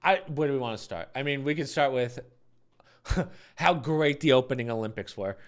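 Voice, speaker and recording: A man's voice: medium pitch, normal speed. Chatty young man hosting a podcast. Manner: chatty, stumbling restarts, laughs often. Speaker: podcast host. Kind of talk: casual chat. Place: ground-floor home.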